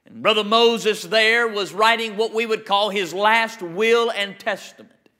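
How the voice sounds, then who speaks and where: A male pastor preaching an emphatic sermon, slowing down to read scripture. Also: high-pitched, pushed and bright.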